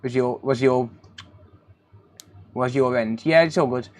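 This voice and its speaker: A man's voice: medium pitch, unhurried. A man hosting a casual live stream, reading out viewers' names and calling them mate. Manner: relaxed, greets chat viewers by name, calls them mate. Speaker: live stream host, repair technician.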